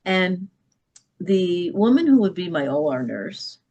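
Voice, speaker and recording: A woman's voice: on the low side, big pitch swings, slow, warm tone. A middle-aged woman, a podcast guest, telling a personal story with emphasis and often checking in with "okay?".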